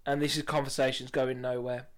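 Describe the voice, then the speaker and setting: A man, co-hosting a podcast in casual banter, an animated storyteller who swears freely. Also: medium pitch, fairly quick. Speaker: podcast co-host.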